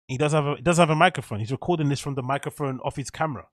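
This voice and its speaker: A man's voice: a little high, very fast, hardly any pauses, no echo, clean studio sound. A man giving rambling, profane reaction commentary as host, laughing often.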